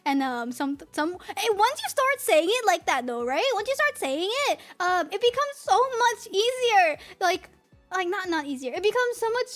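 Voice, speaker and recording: A woman's voice: very high-pitched, big pitch swings, normal speed, a bit bright, soft background music. A woman streamer with a light New England accent, chatting casually with her chat in a rambling, giggly, talkative way. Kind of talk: casual livestream chat, reading chat.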